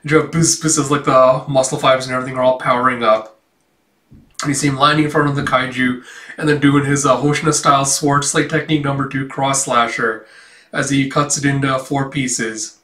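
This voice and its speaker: A man's voice: medium pitch, flat delivery, bright, forceful tone. Chuckling man reading manga in a roomy room. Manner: chuckling, filler-heavy, quick to quote the dialogue. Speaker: manga chapter reviewer. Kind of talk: casual read-through with commentary. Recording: roomy, a bit distant from mic.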